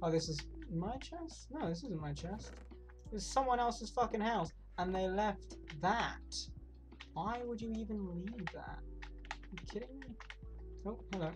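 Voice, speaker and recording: A woman streaming a video game, reacting out loud, talking to herself and swearing often. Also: mid-range voice, animated, a little slow. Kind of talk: live gameplay commentary. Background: game music.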